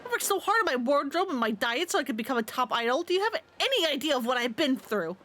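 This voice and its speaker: A haughty young female idol sneers and boasts in a raised, bossy voice, put on by a woman reading game dialogue aloud. She talks down to everyone, loud and snide, a touch high in pitch, with faint noise under the recording. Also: big pitch swings, fast. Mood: indignant.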